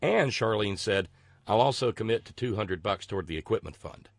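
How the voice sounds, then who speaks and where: Low-voiced sarcastic male talk host. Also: animated, a little fast, no echo. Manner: sarcastic, rambling with restarts. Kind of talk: casual political talk.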